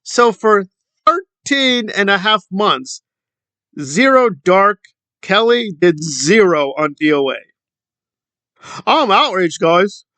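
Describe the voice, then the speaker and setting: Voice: medium pitch, expressive, takes it slowly, long pauses, bright, forceful tone, no echo. A commentary YouTuber ranting in a sarcastic, scornful tone.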